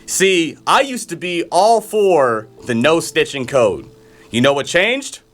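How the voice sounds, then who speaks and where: A man co-hosting a casual podcast, talking in an animated, profane way and laughing often. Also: a little high, slow. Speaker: podcast co-host. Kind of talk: casual chat.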